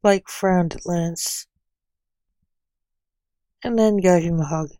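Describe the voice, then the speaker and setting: A woman reading a fan-fiction story aloud in plain, unhurried narration. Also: on the low side, warm tone, dry recording, poor audio. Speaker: reader.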